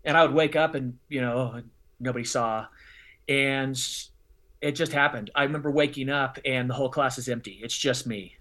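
A man, a guest in an interview, telling a personal story with blunt, informal wording and sudden emphatic swings in pitch and loudness. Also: moderate pace. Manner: blunt and informal, calls people bro and dummy.

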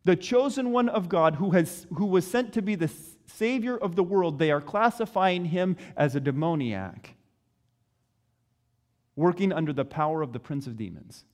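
A man with a high voice preaches with earnest, searching questions and deliberate pauses. His voice rings with a long reverb. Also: expressive, darkish tone. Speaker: pastor. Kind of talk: sermon.

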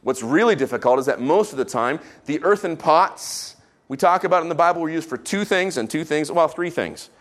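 A man preaching a sermon, reading scripture with rising emphasis and dropping into casual, quiet asides. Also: fairly high pitch, animated, brisk. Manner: casual asides with fillers between solemn readings.

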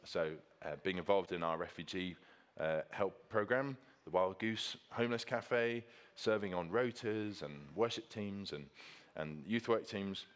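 A man's voice: deep voice, unhurried. A man preaching a sermon with slides, earnest and emphatic, repeating key phrases for stress.

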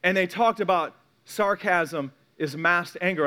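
A pastor delivers a sermon in a high, light voice. He talks to the congregation candidly and conversationally, often stumbling into quick repeated restarts before landing his point. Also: bright, forceful tone.

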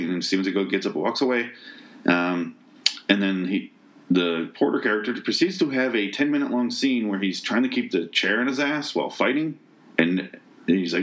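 A man's voice: lowish voice, normal speed. A man reviewing a movie in a casual rant, sarcastic and exasperated, swearing often and restarting his sentences.

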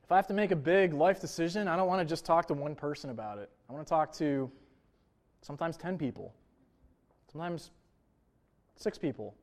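High-voiced man preaching conversationally. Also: brisk, pauses often, a little mellow. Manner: conversational preaching with frequent "right?" and "you know" asides. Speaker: pastor. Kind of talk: sermon.

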